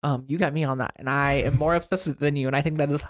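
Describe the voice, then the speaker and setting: A man's voice: fairly high pitch, steady tone, rapid-fire. A young man co-hosting a casual movie podcast, talking loosely with lots of "like" and "um". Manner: filler-heavy, lots of "like" and "um". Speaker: podcast co-host. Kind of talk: casual movie news chat.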